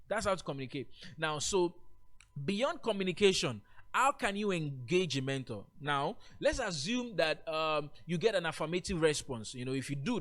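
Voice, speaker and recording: A man leading a live online session on mentorship, talking earnestly and often repeating and restarting his phrases. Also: fairly high pitch. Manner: earnest, repetitive, stammers and restarts.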